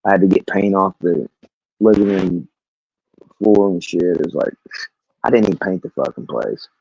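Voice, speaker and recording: A man's voice: deep voice, normal speed, gravelly, darkish tone, no room sound. A man ranting about his workday to camera, rambling and swearing, laughing often. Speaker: vlogger. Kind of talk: casual rant. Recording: dull, lo-fi, dry recording.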